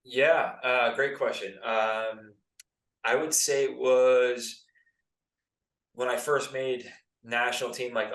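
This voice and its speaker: An American man in his thirties, a former pro soccer player telling stories as a podcast guest in a relaxed, chatty way full of filler words. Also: lowish voice, far from the mic. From United States. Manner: laid-back, lots of "like" and "dude". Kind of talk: casual podcast storytelling. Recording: roomy, set back from the mic.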